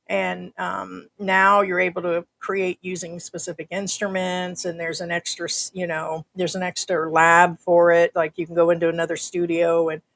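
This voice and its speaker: Older american lady chatting on her livestream, lowish voice, greets folks in chat. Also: flat delivery, normal speed, creaky, hardly any pauses, fairly bright tone. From United States. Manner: chatty, reads out viewer comments. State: uses a breathing machine. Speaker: livestream host.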